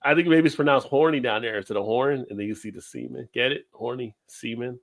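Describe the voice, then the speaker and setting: A man's voice: medium pitch, fast talker, vocal fry. A man co-hosting a casual chat show, joking around and laughing often. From Baltimore area. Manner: laughs often, jokey and animated. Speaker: co-host.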